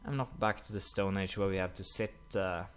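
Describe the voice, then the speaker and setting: A young man commenting casually while playing a strategy game, rambling with many fillers and quick apologetic asides. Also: sits low, fairly even intonation, clear, resonant tone. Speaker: gaming commentator. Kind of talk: casual let's-play commentary.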